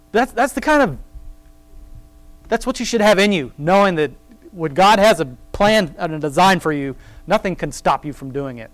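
A man reading scripture aloud slowly and then commenting on it in a loose, rambling, conversational way, laughing now and then at his own remarks. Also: high voice, expressive, dry recording. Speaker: Bible study teacher. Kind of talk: casual Bible reading and commentary.

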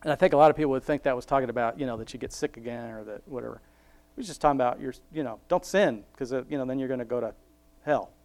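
A man's voice: medium pitch, very fast, darkish tone. Chatty man laughing through a Bible reflection. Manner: rambling and self-mocking, laughs often, acts out quoted voices. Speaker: Christian speaker sharing a Bible reflection. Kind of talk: casual devotional talk.

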